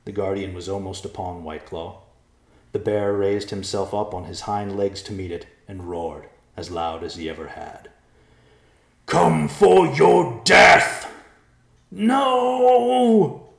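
A man narrating a storybook in a measured, dramatic way. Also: deep voice, fairly even intonation, warm tone, roomy sound.

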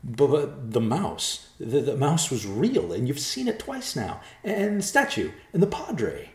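A man's voice: fairly low pitch, normal speed, roomy sound, natural voice. A man voicing a nervous adult man in a storybook reading, pleading earnestly and stammering. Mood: panicked.

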